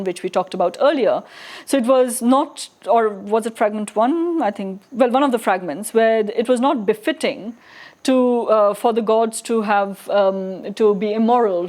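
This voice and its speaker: A woman's voice: medium pitch, darkish tone. A woman giving a recorded philosophy lecture in a conversational way, with frequent tag questions and restarts.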